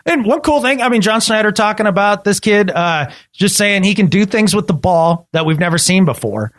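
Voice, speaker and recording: High-voiced, animated podcast man. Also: moderate pace, no echo, clean studio sound. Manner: animated, emphatic, repeats words when excited. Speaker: podcast co-host. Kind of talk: casual sports podcast chat.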